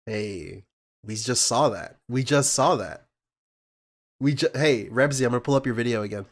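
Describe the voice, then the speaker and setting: A man's voice: mid-range voice, normal speed. A man casually commenting on a streamer's clips, sarcastic and profane, mocking what he hears. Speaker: stream reactor.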